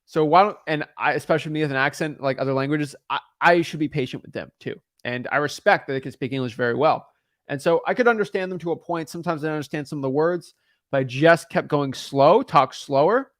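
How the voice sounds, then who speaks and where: Chatty man, fairly high voice, dry sound. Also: fast, a bit bright, dry recording. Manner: rambling, repeats words when starting sentences. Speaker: real estate wholesaler making cold calls. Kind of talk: casual explanation to viewers and sales call.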